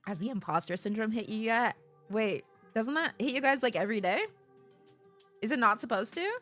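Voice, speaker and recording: A woman live streamer chatting casually with her viewers, blunt and animated and swearing freely, into a streaming microphone. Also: fairly high pitch, fairly quick, soft background music.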